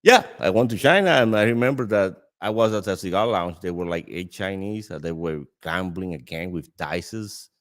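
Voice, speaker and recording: A man from the Dominican Republic with a Dominican Spanish accent, a native Spanish speaker in the cigar trade. He tells an anecdote in casual conversation in a lively way, laughing often and restarting his sentences. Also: low-pitched, normal speed, hardly any pauses. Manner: animated storyteller with frequent laughter and restarts. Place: cigar lounge.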